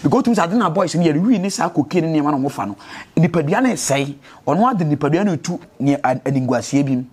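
Fast-talking Ghanaian man, earnest testimony. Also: on the high side, animated, a little mellow, breathy edge. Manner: earnest, preachy about faith and change. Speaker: interviewee. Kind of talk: street interview in Twi and English.

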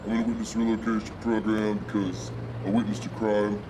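A low-voiced, shifty ex-crook in witness relocation, put on by a man, rambling through his confession in a mumbling deadpan. He sounds off-mic in a home video with clear background noise. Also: fairly quick, lightly acted.

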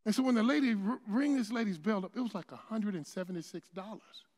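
A man with a very high voice preaches in a church, telling a story casually with restarts and rising to shouts. His voice rings out with a long hall reverb behind it. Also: quick pace. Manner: builds to shouting crescendos; conversational storytelling with many restarts. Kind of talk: storytelling sermon. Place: church sanctuary.

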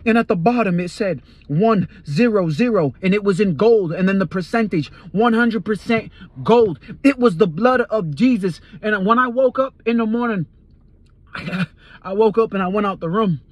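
A man's voice: sits high, moderate pace, dry recording. A man giving a fervent personal testimony, earnest and repeating phrases for emphasis. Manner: tells events as a dream story. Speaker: Christian testifier.

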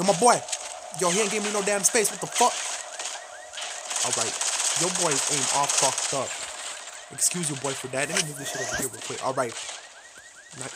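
A man's voice: on the high side, heavy background noise. A man giving casual, profane, self-mocking commentary while playing a shooter game. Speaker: gameplay commentator.

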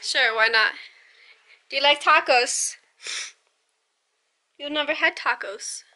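A woman's voice: sits high, slow, pushed and bright. A young woman in her late teens, a mother filming a casual home vlog and talking to her baby in sing-song baby talk, indoors at home on a handheld camera.

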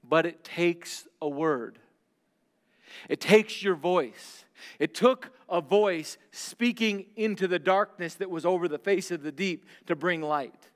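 A male pastor preaching a sermon, swinging between loud declarations and hushed, slow lines. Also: sits high, long reverb tail.

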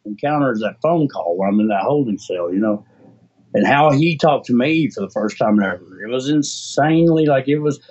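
A man talks in a rambling, emotional way, full of restarts, as an interview guest. His voice sits at a middle pitch, and the audio is slightly dull and lo-fi. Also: animated, normal speed, darkish tone. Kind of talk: casual interview conversation.

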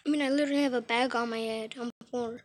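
A woman's voice: a little high, fairly even intonation, rapid-fire, no room sound, low-quality recording. A woman giving casual gameplay commentary for her video channel, playful and teasing. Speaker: YouTube gamer.

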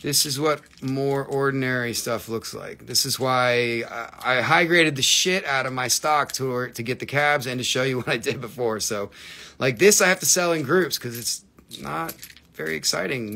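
A man's voice: mid-range voice, creaky, pushed and bright, a little hiss or hum. A man hosting a live rock and mineral sale, chatty and joking, with casual swearing. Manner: joking, profane and chatty, teasing viewers. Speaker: host selling rocks and minerals on a livestream. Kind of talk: casual live sales chat.

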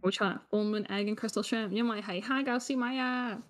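High-voiced playful woman hosting a quiz. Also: fairly even intonation, a little fast. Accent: Cantonese. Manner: playful, teasing, mixes English and Cantonese. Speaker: quiz host and teacher. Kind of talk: hosting a live online quiz lesson. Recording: music playing behind the voice.

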